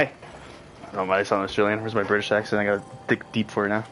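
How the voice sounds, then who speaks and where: Low-voiced man rambling over gameplay. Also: flat delivery, rapid-fire, a bit bright. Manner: rambling, with frequent filler "like". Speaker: let's play commentator. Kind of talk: casual gameplay commentary. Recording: game music playing underneath.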